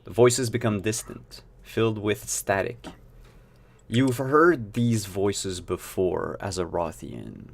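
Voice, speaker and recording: A man's voice: fairly low pitch, lively intonation, slow pace, vocal fry. A man narrating as game master of a streamed tabletop game, casual and rambling with fillers.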